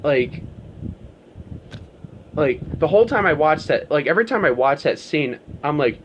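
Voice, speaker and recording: A man with a slightly raised pitch rants casually to his audience, swearing freely and piling up fillers as he goes. A faint hiss sits under the recording. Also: expressive, a little fast, dull audio. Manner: profane, rambling, heavy on fillers. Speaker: vlogger. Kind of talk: casual ranting monologue.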